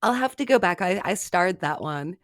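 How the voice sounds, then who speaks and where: A woman's voice: fairly low pitch, lively intonation, moderate pace, no room sound. Giggly woman podcast co-host, dry sound. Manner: giggly, self-amused storytelling. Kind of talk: casual chat.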